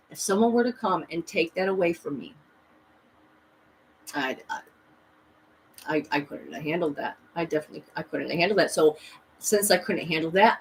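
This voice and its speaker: A woman's voice: low-pitched, a little hiss or hum, poor audio. Rambling woman telling a personal story. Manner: rambling, emphatic, with many restarts and quoted dialogue. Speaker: spiritual vlogger.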